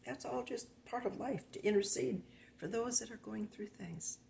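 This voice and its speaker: An older woman pastor giving an earnest, informal sermon, often dropping to a hushed, breathy near-whisper. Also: fairly high pitch, normal speed, a little hiss or hum.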